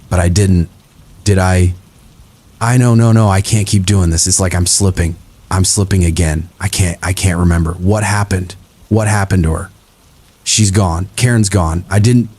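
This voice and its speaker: A man reading first-person horror stories as a narrator, in a slow, brooding, confessional delivery. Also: low-pitched, warm tone.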